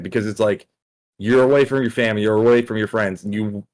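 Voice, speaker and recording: A man's voice: on the low side, steady tone, quick pace, darkish tone. A young man co-hosting a casual combat sports podcast, rambling with lots of "like" and restarts. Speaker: podcast co-host.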